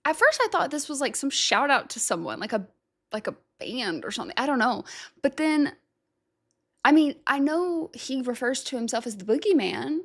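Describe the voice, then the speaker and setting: A woman's voice: high voice, lively intonation. A woman hosting a music reaction video, thinking aloud, unsure of herself, and trailing off into self-doubt. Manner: reads lyrics aloud slowly. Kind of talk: casual reaction commentary.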